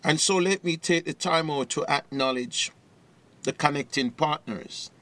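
A man's voice: on the high side, a little slow, pushed and bright. A man preaching a sermon, reading scripture in a rising, declaiming voice and greeting partner ministries.

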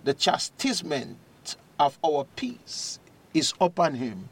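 A man preaching on a radio program, praying and reading scripture with a fervent cadence that swells into loud declamation. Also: fairly high pitch, very animated, takes it slowly.

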